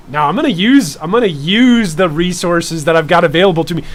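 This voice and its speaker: A man in his thirties hosts a live stream with a high, bright-sounding voice. He talks in a playful, joking way, keeping up chatter with his viewers. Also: fairly quick, hardly any pauses. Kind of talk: live-stream reaction chat.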